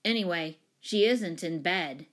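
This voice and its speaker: A woman's voice: on the low side, animated, a little slow, fairly bright tone. A woman reading a storybook, voicing a cheeky younger brother who teases and retorts. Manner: teasing, retorting.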